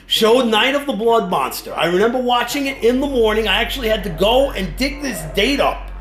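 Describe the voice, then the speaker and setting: A man with a New York accent chatting on a film commentary track, halting and restarting often. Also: very high-pitched, expressive, a bit bright. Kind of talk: casual commentary-track chat. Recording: echoey room with faint music.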